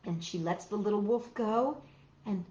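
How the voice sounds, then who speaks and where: A woman's voice: medium pitch, normal speed, reverberant, dull audio, slight background noise. A woman narrating a wordless picture book for a children's storytime, wondering aloud and gasping as she goes. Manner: expressive and wondering aloud, with soft gasps. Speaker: storytime reader.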